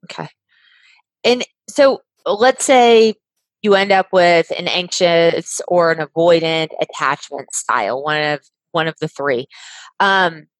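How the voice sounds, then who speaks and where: Low-voiced woman host asking questions. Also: no echo, low-quality recording. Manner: curious, hesitant with fillers. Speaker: podcast host. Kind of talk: interview questions.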